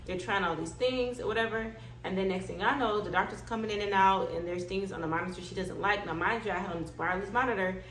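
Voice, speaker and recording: A woman vlogger telling a personal story in a lively way, acting out what others said. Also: medium pitch, fast talker, hardly any pauses. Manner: animated, acts out quoted dialogue. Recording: echoey room with faint background noise.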